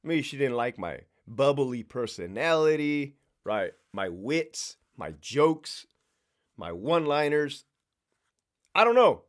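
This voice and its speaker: A man's voice: mid-range voice, slow. A middle-aged man, a former prison sergeant, telling blunt, profane stories in a casual monologue. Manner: profane, blunt, animated storytelling.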